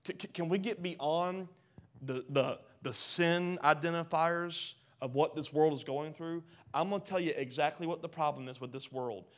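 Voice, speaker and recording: A man preaching a sermon, reading scripture aloud and questioning the congregation, swinging from hushed lines to loud ones. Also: fairly high pitch, moderate pace. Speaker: pastor.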